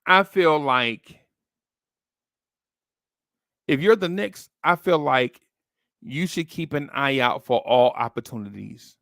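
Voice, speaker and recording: Gravelly man talking basketball trades. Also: medium pitch, animated, slow pace, long pauses, a bit bright, no room sound, clean studio sound. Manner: acts out phone calls in a streetwise voice. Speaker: podcast host. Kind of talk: casual basketball talk.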